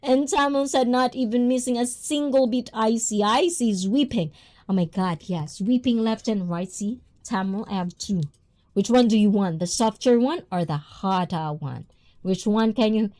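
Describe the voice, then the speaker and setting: A woman's voice: mid-range voice, animated, unhurried, darkish tone. A woman livestream host, not a native English speaker, talking bluntly and reading viewer comments aloud. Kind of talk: casual talk with chat.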